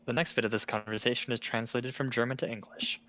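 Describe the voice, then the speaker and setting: A male player chats casually during a tabletop game, relaxed and a little hesitant. His voice sits at a middle pitch. The recording is dull and lo-fi. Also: fast talker.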